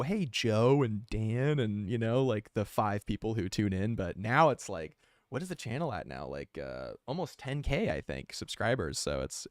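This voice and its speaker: Rambling low-voiced streamer guy. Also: clean tone, dry recording, clean studio sound. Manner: rambling and self-aware, heavy use of "like". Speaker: artist and live streamer. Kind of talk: casual live-stream chat while drawing.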